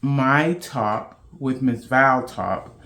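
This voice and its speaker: A woman's voice: extremely low pitch, very slow, a bit bright, slight background noise. A woman hosting a podcast in casual chat to camera, playful and loose, with slangy talk. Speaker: podcast host.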